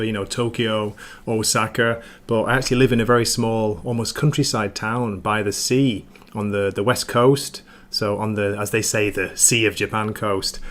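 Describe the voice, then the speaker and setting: A man's voice: on the low side, fairly bright tone. A man from near Manchester, chatting casually as a guest on a livestream video call, self-deprecating and friendly. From northern England, near Manchester.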